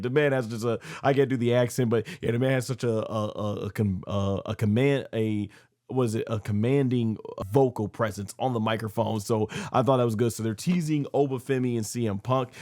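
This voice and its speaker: A man's voice: fairly low pitch, a little mellow, dry recording, clean studio sound. A man giving a casual wrestling review, rambling, with many fillers and self-corrections.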